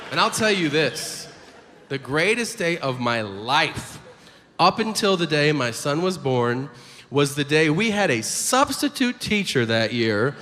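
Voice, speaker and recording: A man in his forties doing a stand-up routine, telling stories animatedly and acting out characters with sudden high-pitched outbursts. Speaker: stand-up comedian. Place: large comedy venue with audience. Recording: live stage recording in a reverberant hall with ambient noise.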